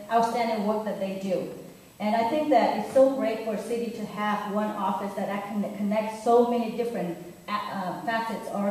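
A woman's voice: medium pitch, a little mellow, slight background noise. Woman candidate, echoey and distant. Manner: earnest, many fillers and restarts. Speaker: mayoral candidate. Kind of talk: forum answer. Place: theater. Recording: echoey room from far off.

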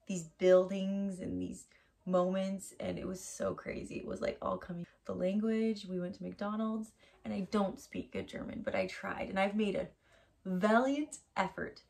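American woman, thirties, casual vlog storytelling, gravelly fry in the voice. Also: lowish voice, a little mellow. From United States. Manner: chatty storytelling, lots of "like". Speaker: vlogger. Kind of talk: casual travel vlog chat.

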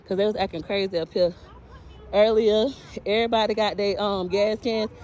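A woman's voice: medium pitch, fairly even intonation, normal speed, darkish tone, a faint crowd. A woman from Tampa, talking casually into her phone as she walks along a long gas station line. She greets people in passing, sounds a little out of breath, and faint street traffic hums behind her. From Tampa, Florida. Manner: chatty, greets passersby, laughs often. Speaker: vlogger. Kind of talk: casual walking vlog reporting.

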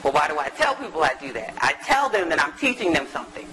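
Bright-voiced woman giving a playful lecture. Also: sits low, very animated, fast talker, low-quality recording. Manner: chatty, playful, teasing the audience. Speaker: guest lecturer, academic psychologist. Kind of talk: lively conference talk to a live audience. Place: lecture room at a university.

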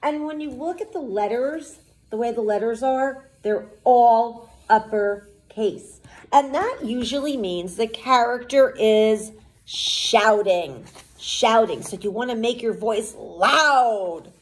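A woman teacher reads a storybook aloud to children in an unhurried voice. She stops often to explain what is going on in a patient, explanatory way. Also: on the high side.

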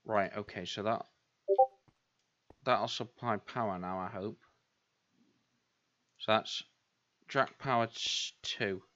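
A man's voice: fairly low pitch, slow, long pauses, pushed and bright. A man hosting a gaming video, commenting on his own play and scolding himself in exasperated outbursts. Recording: dull lo-fi sound.

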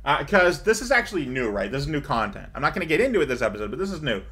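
Rambling man with a bright voice. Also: on the high side, racing. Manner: rambling, digressive, excitable. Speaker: let's play host. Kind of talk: casual gameplay commentary.

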